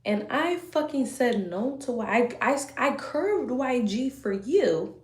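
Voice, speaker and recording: A young woman tells her story as a heated, profane rant. She flares into loud bursts, then drops to low muttering. Her voice rings around a roomy, echoey space. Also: animated, slow pace.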